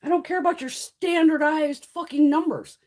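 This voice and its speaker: A woman's voice: high voice, normal speed, darkish tone. A middle-aged woman from the US East Coast chatting casually on a livestream, telling stories in a blunt way and swearing constantly. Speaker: beauty livestream host.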